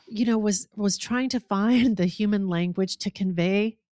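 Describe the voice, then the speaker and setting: A woman co-hosting a podcast, speaking in a reflective way with soft interjections. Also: mid-range voice, unhurried, no echo, studio quality. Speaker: podcast co-host. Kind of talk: casual podcast chat.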